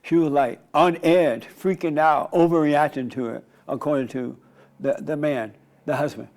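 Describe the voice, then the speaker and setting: A male pastor with a somewhat high voice delivers a loose, conversational sermon. He tells stories in a rambling way and often restarts his sentences. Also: fairly even intonation, moderate pace, darkish tone. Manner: rambling, storytelling, frequent restarts. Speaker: pastor and radio host.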